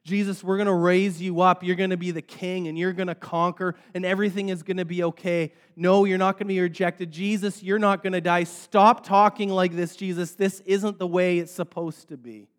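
A man's voice: sits high, level tone, moderate pace, few pauses, lightly acted. A man preaching and voicing an alarmed Peter who urgently pleads with his teacher. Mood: pleading. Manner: urgent, pleading, repeats the name. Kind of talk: sermon retelling.

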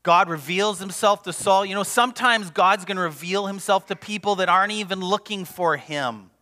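A man preaching a sermon as pastor, passionate and emphatic, sometimes dropping to a hush. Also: sits high, moderate pace. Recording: long reverb of a large hall.

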